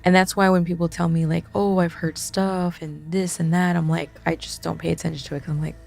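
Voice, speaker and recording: A woman telling a ghost story in a casual, animated way, acting out the quotes and swearing as she goes. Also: fairly low pitch, a little fast, gravelly, soft background music. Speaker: guest.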